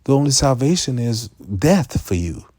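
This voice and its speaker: A man giving a profane, impassioned street-preaching rant, full of stammered restarts and sudden rises to near-shouting. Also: mid-range voice, sing-song, normal speed, no echo.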